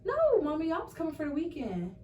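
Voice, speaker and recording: A nineteen-year-old woman telling a story to her family in a casual chat, lively and quick to laugh, acting out what each person said. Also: sits high. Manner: animated, acts out quoted voices, laughs often. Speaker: podcast guest. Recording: echoey room, mic at a distance, faint noise.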